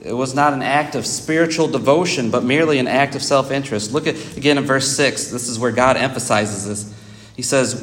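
A man's voice: mid-range voice, moderate pace, a bit bright. A man preaching a sermon, explaining scripture in an earnest way and often repeating words as he goes. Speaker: pastor. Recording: echoey hall reverb.

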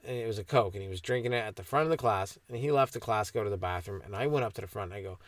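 A man's voice: fairly low pitch, rapid-fire, no room sound. A man from Ontario, hosting a comedy podcast in a rambling, crude, ironic monologue that keeps interrupting itself. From Ontario, Canada.

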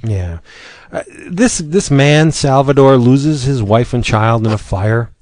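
A man co-hosting a podcast, talking through comic reviews in a measured, thoughtful way with some hesitant fillers. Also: medium pitch, expressive, a little mellow, no echo. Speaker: podcast co-host. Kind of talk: casual comics review chat.

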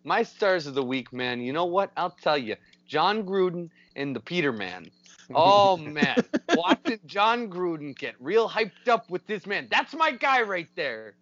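A fairly high-voiced man talks over a dry, dull remote call line. He rambles excitedly and swears freely, hyped up in casual podcast chat. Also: measured pace, dry recording. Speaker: podcast co-host. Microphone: remote call mic.

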